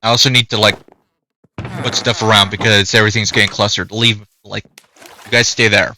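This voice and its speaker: A man's voice: lowish voice, flat delivery, fairly quick, sharp tone, a little hiss or hum. A man giving casual gameplay commentary, chatting away and talking to the animals in his game. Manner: chatty, talks to the game's animals. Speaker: gaming youtuber.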